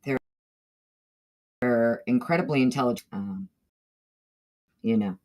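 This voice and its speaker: A woman's voice: rumbling low, slow pace, a little mellow. A woman from the northeastern United States with a Southern drawl, hosting a casual livestream and greeting viewers by name. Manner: chatty, greets chat members by name between thoughts. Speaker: livestream host.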